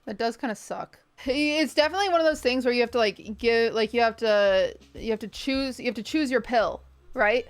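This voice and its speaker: A woman's voice: fairly high pitch, fairly quick, faint music behind. A young woman streamer giving casual, rambling commentary while reacting to a video with her chat. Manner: chatty, rambling with restarts and asides to chat.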